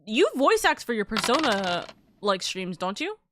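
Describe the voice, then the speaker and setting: A woman's voice: medium pitch, very animated, moderate pace, noisy background. A young adult woman hosting a live stream, chatting casually in a rambling way, with lots of filler and cursing. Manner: rambling, swears freely, many "like"s. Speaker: streamer host.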